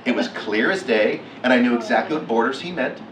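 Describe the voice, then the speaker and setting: A middle-aged man giving a keynote talk, telling a story with lively acted-out quotes. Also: mid-range voice, brisk, background noise. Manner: animated, acts out quotes with laughs. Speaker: keynote speaker. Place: lecture hall. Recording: echoey hall from far off.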